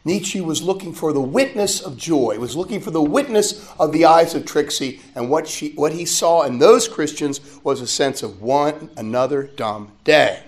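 A man, a friar, preaching a sermon to a religious conference in an animated, conversational way, with asides to his listeners. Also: a little high, moderate pace, few pauses. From United States.

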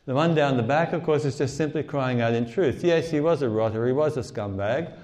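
A man's voice: medium pitch, a little fast, darkish tone. A man preaching a sermon in a church sanctuary, speaking earnestly and acting out the cries of gospel figures.

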